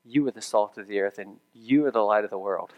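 A man's voice: on the low side, a little fast, darkish tone. A man preaching a sermon as pastor, conversational with dry humorous asides, building to emphatic raised repetitions.

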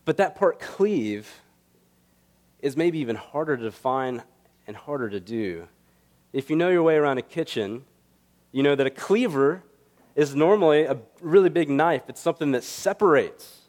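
A man's voice: on the high side, normal speed, darkish tone. A man preaching a sermon in an earnest, conversational way, mixing teaching with stories. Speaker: pastor.

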